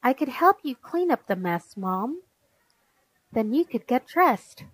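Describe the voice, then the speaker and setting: A woman's voice: on the high side, sing-song, takes it slowly, no room sound, exaggerated voice, low-quality recording. A woman voicing a bossy, demanding little girl in a storybook reading. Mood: sweet. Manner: insistent, complaining, bossy.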